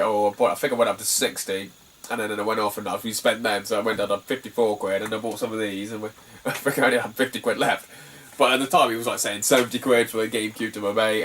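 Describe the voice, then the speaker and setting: A man's voice: on the low side, a bit bright, recorded from a distance, a little hiss or hum. A young British man chatting casually about his game finds, rambling and laughing often. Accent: British English. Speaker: retro game collector vlogger. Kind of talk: casual chat.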